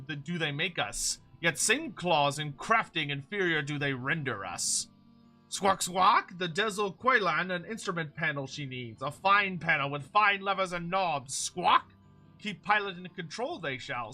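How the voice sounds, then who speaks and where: A man's voice: high-pitched, sharp tone, heavily acted. A man voicing a squawking bird-like creature who gives quests with inverted word order, reading game text aloud in character.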